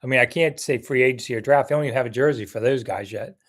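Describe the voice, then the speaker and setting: A man's voice: mid-range voice, quick pace. Blunt older male sports commentator. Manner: blunt, chatty, reads viewer comments aloud. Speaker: sports commentator and live-chat host. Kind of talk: casual live-stream chat.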